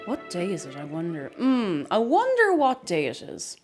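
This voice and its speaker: A woman's voice: fairly low pitch, wildly swooping pitch, normal speed, over music. A woman hosting a live stream from her home kitchen, chatting playfully with viewers and making silly asides. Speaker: livestream host. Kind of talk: casual chat with live viewers.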